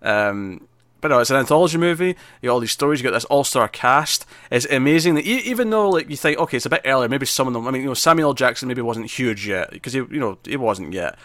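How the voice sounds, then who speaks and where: Guy chatting movies on a podcast, lots of ums and restarts, middle pitch, dry sound. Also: animated, fast talker, fairly bright tone, dry recording. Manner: rambling with many restarts and fillers. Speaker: podcast co-host. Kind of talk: casual film-list chat.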